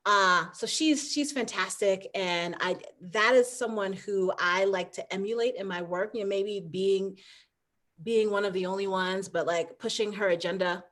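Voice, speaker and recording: A woman from the United States talks casually as a guest in an interview. She rambles, restarts her sentences often and breaks into easy laughter, at a middle pitch. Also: normal speed, a bit bright. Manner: rambling with many restarts and fillers, laughs easily. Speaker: guest, trail runner and author.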